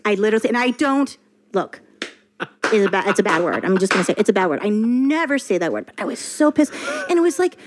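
A woman spins a work anecdote in relaxed conversation, her voice at an ordinary middle pitch but swinging up and down with real liveliness. She swears freely and keeps breaking off to restart her sentences. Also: quick pace, background noise. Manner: animated, profane, restarts sentences. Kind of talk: casual anecdote telling.

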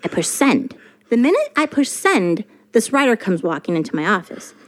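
A woman spins a work anecdote in relaxed conversation, her voice at an ordinary middle pitch but swinging up and down with real liveliness. She swears freely and keeps breaking off to restart her sentences. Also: normal speed. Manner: animated, profane, restarts sentences. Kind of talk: casual anecdote telling.

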